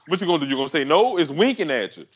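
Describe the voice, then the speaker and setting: A man's voice: a little high, sing-song, very fast, slightly rough, lo-fi sound. A man telling a crude story in casual chat, swearing, full of slang and laughing as he goes.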